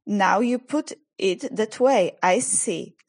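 A woman's voice: mid-range voice, animated, takes it slowly. A woman reading aloud and voicing an eager, good-natured eldest brother who exclaims heartily. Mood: earnest.

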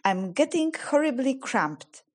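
A woman reading aloud and voicing a sensible, practical schoolgirl in a brisk, slightly fussy manner. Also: high-pitched, very animated, pitched above the performer's own voice, exaggerated voice.

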